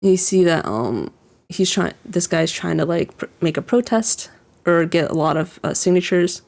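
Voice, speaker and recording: With a lowish, darkish voice touched by vocal fry, a woman offers casual reaction commentary on an anime episode at a moderate pace and with lively intonation. She meanders, says "like" a lot, restarts, and chuckles while walking through scenes.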